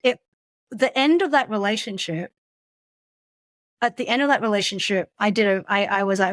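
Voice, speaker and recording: A woman's voice: mid-range voice, no room sound. Podcast guest: woman, mid-range voice, hesitant and candid, dry close sound. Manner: halting, many restarts and soft laughs. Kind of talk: candid personal storytelling.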